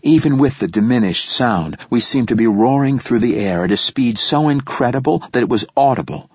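A man narrating a story in the first person, in a steady, measured way. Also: medium pitch, slightly rough, no room sound. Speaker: audiobook narrator. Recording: dull lo-fi dry recording.

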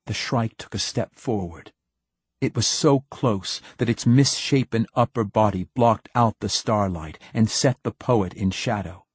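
A man narrating an audiobook with a measured, dramatic reading. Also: fairly low pitch, breathy edge, dry recording. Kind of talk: scripted narration.

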